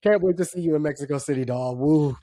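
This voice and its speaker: Podcast co-host, woman, husky, animated gossip, dry close mic. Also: low-pitched, fast, no echo. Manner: animated, laughing often, gossipy. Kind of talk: casual pop-culture chat.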